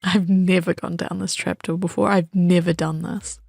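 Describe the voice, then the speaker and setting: A woman casually narrating her gameplay in an excitable, chatty way. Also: fairly low pitch, gravelly, no room sound, clean studio sound. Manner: excitable, chatty, quick laughs and gasps. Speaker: gaming vlogger.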